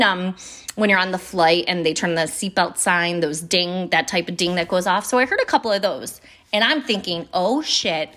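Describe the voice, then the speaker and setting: A woman's voice: medium pitch, a bit bright. A woman hosting a podcast, telling a personal story in a chatty way, with frank asides and mild swearing. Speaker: podcast host.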